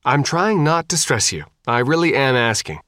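A man voicing a calm, steady young woman who soothes her panicking sister. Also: medium pitch, moderate pace, no echo, clean studio sound, close to an everyday voice. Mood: calm, coaxing.

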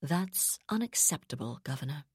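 Woman reading as a calm, steely naval captain. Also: low-pitched, no room sound, clean studio sound. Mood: calm firm. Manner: calm, firm, measured.

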